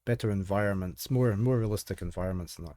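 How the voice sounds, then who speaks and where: Low-voiced male streamer reading a game aloud. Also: quick pace, dark tone, no room sound. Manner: casual, rambling asides with restarts. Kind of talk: live stream, reading a visual novel aloud and chatting. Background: game music.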